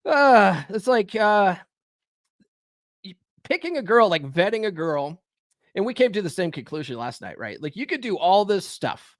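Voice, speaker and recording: A man hosts a live stream podcast in a fairly high voice, animated and loose with swearing. He talks with lots of fillers and "okay?" tags. The sound is dry and close. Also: normal speed, dry recording. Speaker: podcast host. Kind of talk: live stream commentary and book reading.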